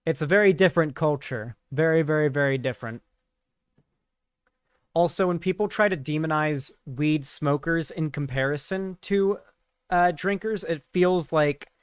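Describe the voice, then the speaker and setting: A man's voice: on the high side, fairly bright tone, smooth, no echo. A man giving casual live-stream commentary, rambling and profane, with lots of fillers.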